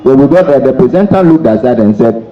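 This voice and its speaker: A man speaking as the special guest at a seminar, emphatic and repeating his key phrases between pauses. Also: medium pitch, expressive, faint music behind. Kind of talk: motivational seminar talk. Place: seminar hall. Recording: dull echoey hall, faint noise.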